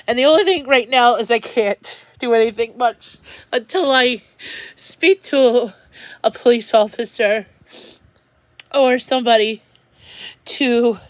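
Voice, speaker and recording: A woman talking to her viewers in an emotional rant, upset and close to tears, halting and restarting her sentences. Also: fairly high pitch, no echo. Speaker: vlogger.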